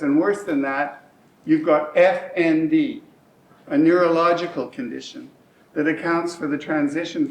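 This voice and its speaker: Middle-aged man, live rhymed monologue, measured slow rhythm, heard from afar in a roomy hall. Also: fairly high pitch, a little hiss or hum. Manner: rhythmic rhyming delivery, emotional swings. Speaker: monologue performer. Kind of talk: rhymed spoken-word monologue. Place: community centre hall, live stage. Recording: echoey hall, mic at a distance.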